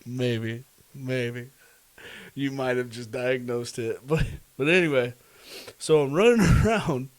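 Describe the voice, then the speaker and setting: A man co-hosting a podcast in casual chat, recounting a story with animated delivery, frequent laughs and fillers. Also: medium pitch, slow pace, no echo. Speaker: podcast co-host.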